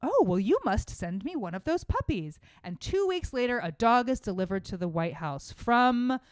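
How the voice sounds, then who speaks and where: A woman's voice: on the high side, very animated, normal speed, no echo. A woman co-hosting a comedy podcast, telling a history story in a playful, quiz-like way. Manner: playful, quiz-show style. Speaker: podcast co-host. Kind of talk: casual comedic chat, storytelling.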